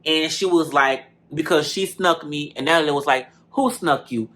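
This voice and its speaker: Bright-voiced man gossiping about a show. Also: fairly high pitch, normal speed. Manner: animated, profane, gossipy; addresses viewers as y'all. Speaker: reality show reviewer. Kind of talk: casual recap commentary.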